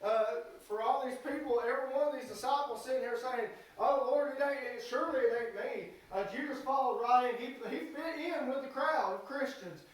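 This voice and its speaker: High-voiced preacher in an echoey church. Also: male voice, far from the mic. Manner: halting, fills pauses with "uh"; folksy Southern speech. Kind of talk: sermon. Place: church sanctuary.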